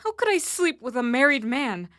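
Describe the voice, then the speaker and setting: A woman's voice: high-pitched, very animated, moderate pace, fairly bright tone, no room sound, clean studio sound. A woman performing a young woman harassed at work after speaking up, in an intense spoken-word delivery. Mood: anguished.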